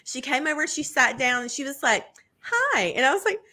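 A woman co-hosting a podcast, chatting casually and telling animated stories full of "like" and "you know", acting out quotes in bigger voices. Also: fast. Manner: animated storytelling, acts out quotes with big pitch jumps; many fillers like "like" and "you know". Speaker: podcast co-host. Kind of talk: casual chat.

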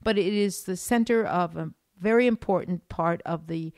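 A woman's voice: fairly low pitch, normal speed, darkish tone, no room sound, clean studio sound. A woman with an American accent, co-hosting a casual travel podcast and explaining things in a teacherly way, with fillers and restarts. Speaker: podcast co-host; former art school teacher.

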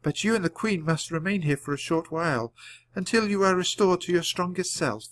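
A man voicing a calm, gracious enchantress, reading a storybook aloud. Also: high-pitched, brisk, pitched above the performer's own voice.

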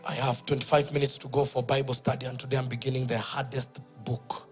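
A man with a Kenyan accent, a pastor preaching a sermon in church, moving from quiet storytelling to loud exhortation. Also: medium pitch, flat delivery, fast talker, hardly any pauses, faint music behind.

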